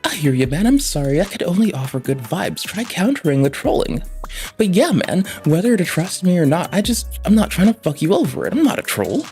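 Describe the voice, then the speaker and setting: A man voicing an agitated young man who rants loudly and sounds paranoid. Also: sits high, big pitch swings, brisk, soft background music, pitched above the performer's own voice.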